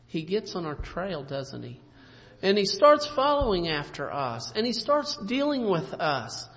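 Male preacher, high and animated voice, emphatic sermon delivery, dull lo-fi recording with long hall reverb. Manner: emphatic, swooping preacher's delivery with sudden loud and soft turns.

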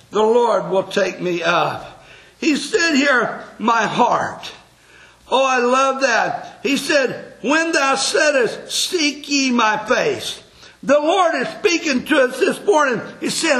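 A man preaching a sermon as pastor in a church, with a fervent delivery that often rises to a shout. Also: very high-pitched, lively intonation, slow, echoey room, rough recording.

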